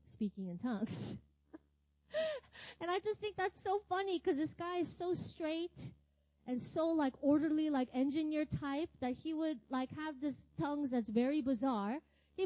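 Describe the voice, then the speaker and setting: Woman, ministry teacher, casual sermon storytelling, chatty, laughs a lot, high voice, dry muffled sound. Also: mellow, no echo. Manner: chatty, laughs often, lots of filler words and tag questions.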